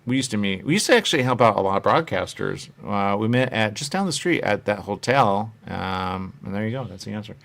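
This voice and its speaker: A man's voice: fairly low pitch, expressive, fairly quick, creaky, few pauses, a bit bright. A man hosting a show, chatting casually and rambling from point to point, often acting out what other people say. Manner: meandering, chatty, acts out quoted voices. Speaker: show host.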